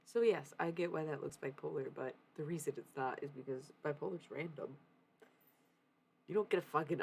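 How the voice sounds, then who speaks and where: Low gravelly young woman streamer. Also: darkish tone. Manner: candid, swears freely, laughs often. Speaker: livestreamer. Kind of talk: casual confessional chat.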